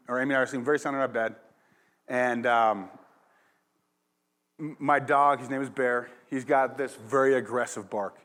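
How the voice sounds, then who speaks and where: A man's voice: mid-range voice, a bit bright. Pastor, man, loose conversational sermon delivery, mid-range voice. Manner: casual, rambling, laughs at his own story. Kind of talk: sermon with personal storytelling. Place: church.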